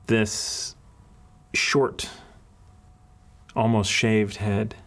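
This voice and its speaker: A man running a tabletop game as game master, narrating scenes in slow, deliberate storytelling. His voice sits low and he takes his time with each phrase. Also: flat delivery, fairly bright tone.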